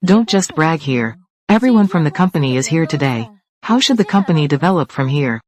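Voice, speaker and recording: Brisk and animated, a natural medium-pitched voice dubs a drama's corporate rivals, several characters in all. They fire short, confrontational threats at one another over control of a company.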